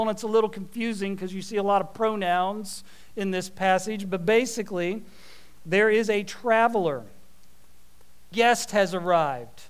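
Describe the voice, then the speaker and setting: High-voiced animated preacher, clear tone. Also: male voice. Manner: animated storytelling with folksy asides. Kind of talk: sermon.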